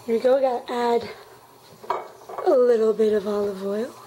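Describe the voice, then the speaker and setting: A woman's voice: fairly high pitch, fairly even intonation, normal speed, dark tone, slight background noise, poor audio. A woman hosting a home cooking video, chatting playfully with jokey asides while she chops and stirs in her kitchen. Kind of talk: casual cooking demo.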